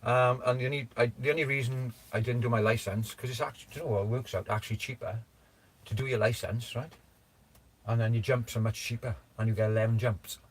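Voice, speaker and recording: A man's voice: mid-range voice, fairly even intonation, quick pace. A man hosting a casual livestream chat, rambling with lots of restarts, laughing and swearing as he talks. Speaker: livestream host.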